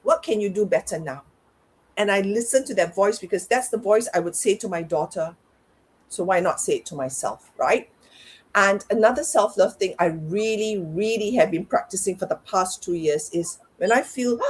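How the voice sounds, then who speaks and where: Husky-voiced woman coach, reflective. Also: mid-range voice, expressive, normal speed. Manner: reflective, talks herself through things aloud. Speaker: guest, parenting and life coach. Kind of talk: candid conversational interview.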